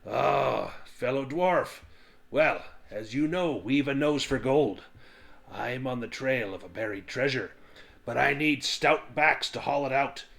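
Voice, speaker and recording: A man's voice: mid-range voice, measured pace, vocal fry, fairly bright tone. A man voicing a greedy, boastful male dwarf treasure-seeker who talks in a brash, swaggering way. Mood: boisterous.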